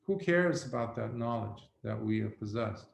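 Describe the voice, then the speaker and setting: A Buddhist monk giving a reflective dharma talk, telling a story slowly with pauses. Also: male voice, lowish voice, expressive, gravelly. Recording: roomy echo.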